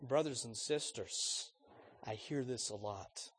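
Guy preaching a sermon, kinda husky voice, earnest and chatty, keeps asking the church questions. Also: mid-range voice, takes it slowly. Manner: earnest, conversational, questions the congregation directly.

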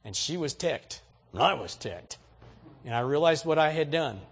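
A man's voice: on the high side, expressive, normal speed, slightly rough. A man preaching a sermon, telling everyday stories in a folksy, exhorting way. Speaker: pastor.

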